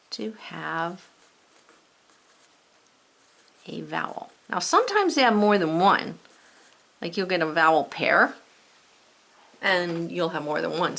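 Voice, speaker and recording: A woman teaching a spelling review in a chatty, talk-it-through way. Her voice sits fairly low and has a gravelly edge. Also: a bit bright. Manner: chatty, talks herself through each step. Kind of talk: spelling lesson.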